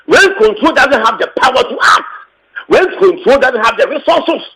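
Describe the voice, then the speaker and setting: This Ghanaian-accented tenants union secretary general has an extremely high, sharp, expressive voice and speaks at normal speed. Giving a heated, emphatic interview statement, he repeats his points and mixes in local phrases, all on poor audio.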